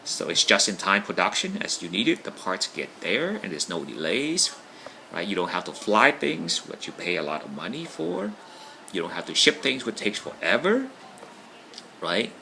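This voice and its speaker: A man's voice: sits low, very animated, moderate pace, vocal fry, sharp tone, slight background noise, low-quality recording. A man talking casually to camera in a rambling monologue, often checking in with "right?". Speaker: vlogger.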